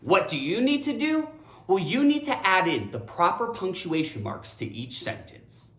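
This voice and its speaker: A woman's voice: lowish voice, moderate pace, roomy sound. A woman teaching English grammar in a playful video lesson, theatrical and talking straight to her viewers. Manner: animated, theatrical, addresses viewers directly.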